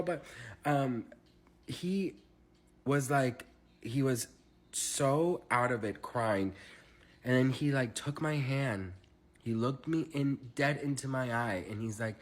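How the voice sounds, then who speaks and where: A young man dishing a storytime vlog in a mid-range voice. He talks in a sassy, dramatic way, full of fillers and quick asides to his viewers. The delivery stays chatty and close. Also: mid-range voice. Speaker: celebrity gossip vlogger.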